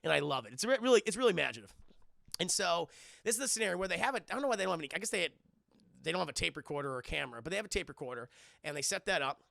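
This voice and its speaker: A man casually recapping a film for a live chat, animated and laughing as he acts out scenes. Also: on the high side, very fast, vocal fry, no room sound, clean studio sound. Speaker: streamer reviewing a film.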